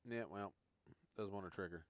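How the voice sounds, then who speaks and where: Here a gaming streamer gives casual live commentary while walking viewers through a farming game, musing aloud. He speaks at normal speed in a fairly low pitch, with no room sound.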